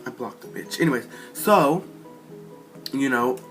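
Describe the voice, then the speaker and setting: A teenage boy telling a storytime vlog rant, profane and animated, acting out the people in his story. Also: medium pitch, a little slow, soft background music. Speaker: vlogger.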